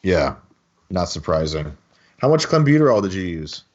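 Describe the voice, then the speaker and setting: Deep-voiced man hosting a podcast. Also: very animated, normal speed. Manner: short reactions and direct questions. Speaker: host. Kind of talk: casual podcast interview. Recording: dull lo-fi audio.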